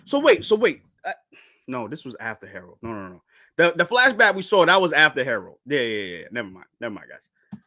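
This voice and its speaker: A man reacting to a comic chapter on stream, excited and slangy, often bursting into disbelief. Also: medium pitch, a little fast. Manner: animated, slangy, keeps shouting and laughing in disbelief.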